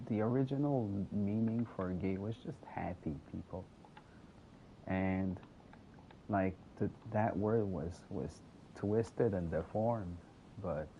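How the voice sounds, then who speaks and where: A man's voice: lowish voice, dull audio. A man streaming a game, rambling and joking while stumbling over repeated words. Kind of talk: casual gameplay commentary. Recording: noisy with steady background hum.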